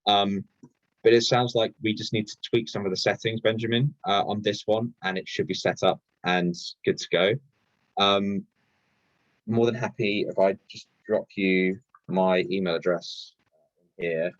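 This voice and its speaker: Halting man answering viewer questions. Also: lowish voice, steady tone, no room sound, dull audio. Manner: reads questions aloud haltingly, many ums and restarts. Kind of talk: casual live Q&A explainer.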